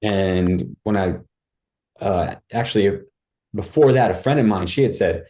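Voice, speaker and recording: On the low side and measured in pace, this man's dark-toned voice carries his life story as a podcast guest. He tells it casually and candidly, rambling with many fillers and restarts.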